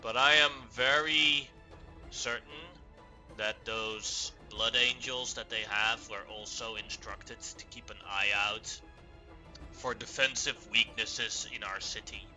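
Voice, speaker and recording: A man's voice: medium pitch, fairly even intonation, sharp tone, faint music behind. A man playing a sultan who speaks formally and regretfully about failures in his city. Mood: regal, regretful. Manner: slow, measured, formal speech. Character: male Sultan ruler, formal and remorseful.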